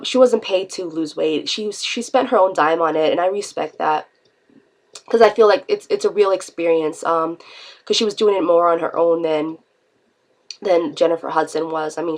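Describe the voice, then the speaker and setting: Rambling woman vlogger, lots of ums. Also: fairly low pitch. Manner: rambling, frequent ums and restarts. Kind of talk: unscripted casual vlog chat.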